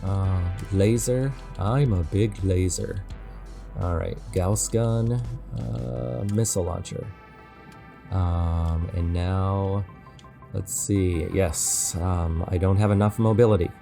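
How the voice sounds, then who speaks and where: A man with a low voice narrates a game tutorial at an unhurried pace. He keeps it playful and chatty and talks to the parts as he places them. Background music plays steadily under his voice-over. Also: fairly even intonation, gravelly, dark tone. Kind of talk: casual gameplay tutorial voice-over.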